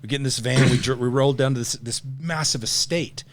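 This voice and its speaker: A middle-aged man tells stories as a podcast guest, casual and full of slang. He gets animated and acts out the voices of people in his anecdotes. His voice sits at an ordinary middle pitch. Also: a little fast, no echo. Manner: slangy, says "bro" often. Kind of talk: casual storytelling.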